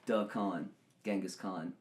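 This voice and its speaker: A man hosting a podcast, chatting casually and joking, with sudden loud bursts of laughter and excitement. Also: low-pitched, slow pace, noisy background. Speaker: podcast host. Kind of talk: casual chat.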